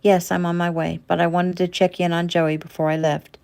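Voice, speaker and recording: A woman's voice: on the low side, flat delivery, fairly quick, gravelly, a little mellow, smooth. A woman voicing a caring young female doctor talking firmly to her brother.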